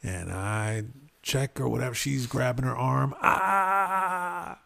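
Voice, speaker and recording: Podcast co-host, male, gravelly voice, animated storyteller who acts out quotes. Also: normal speed. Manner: animated retelling, acts out quotes with sudden rises in pitch. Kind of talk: casual storytelling chat.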